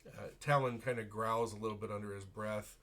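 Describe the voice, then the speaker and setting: A man's voice: on the low side, fairly even intonation, a little fast, a bit bright. A man narrating a tabletop role-playing game as game master in a casual way, chuckling and using many fillers.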